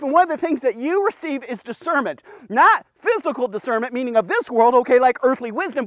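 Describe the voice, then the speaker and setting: A man giving a casual, energetic men's devotional, talking to the listener in punchy bursts and often checking in with "okay?". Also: very high voice, no echo, studio quality. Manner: punchy, keeps asking "okay?", bursts of loud exclamations. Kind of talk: casual energetic Bible teaching.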